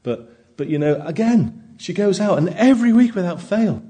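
Male pastor, church sermon, animated up-and-down pitch, chatty rhetorical questions. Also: normal speed. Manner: conversational, with many rhetorical questions.

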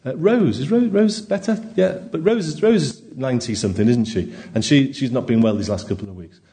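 A man's voice: mid-range voice, animated, a little fast, warm tone. A man preaching a conversational sermon in a church, asking his congregation frequent rhetorical questions. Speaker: pastor.

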